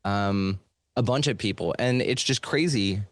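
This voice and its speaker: A man's voice: on the low side, measured pace, dry recording. Laid-back, swearing man telling his story. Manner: loose and profane, lots of fillers. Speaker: podcast host being interviewed. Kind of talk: casual storytelling chat. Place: home studio with soundproofing.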